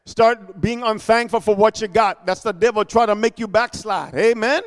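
A man preaching a sermon with emphatic call-and-response delivery, often rising to shouts. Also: high-pitched, moderate pace. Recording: long hall reverb.

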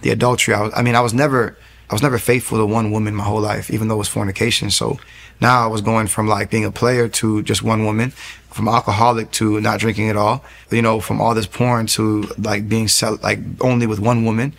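A man's voice: lowish voice, flat delivery, fairly quick, gravelly, a bit bright. A man in his thirties, a young pastor, giving an earnest, storytelling faith testimony in an interview, often restarting his sentences. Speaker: interview guest.

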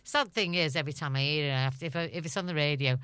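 A woman's voice: low voice, racing, fairly bright tone, clear, resonant tone, dry recording. A middle-aged woman from Liverpool with a Scouse accent, chatting as an interview guest, laughing often and acting out the dialogue of her anecdotes. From Liverpool, England. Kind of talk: storytelling interview.

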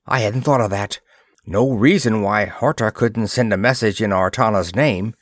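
A man's voice: lowish voice, moderate pace, no echo, studio quality, lightly acted. Man playing a placid, cautious navigator. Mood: earnest. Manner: cautious, earnest. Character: placid bespectacled male chief navigator.

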